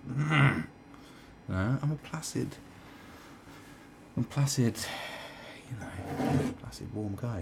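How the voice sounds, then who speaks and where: Man, angry commentary rant, swearing, repeated restarts, fairly low voice. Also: creaky, mellow, slight background noise. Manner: heated, profane, repetitive restarts. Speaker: commentary vlogger. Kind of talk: ranting commentary.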